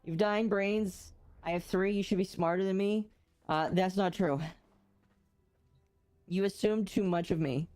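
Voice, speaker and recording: Chatty woman streamer, low voice. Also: measured pace, pauses often, dark tone. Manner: chatty, reads and answers chat, playful puns. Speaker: game streamer. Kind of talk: casual live-stream chat.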